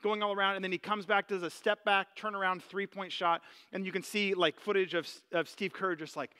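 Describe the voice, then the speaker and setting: A man's voice: sits high, steady tone, a little fast, pushed and bright. A man preaching a sermon as a church pastor, casual and chatty, with many fillers and restarts. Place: church sanctuary.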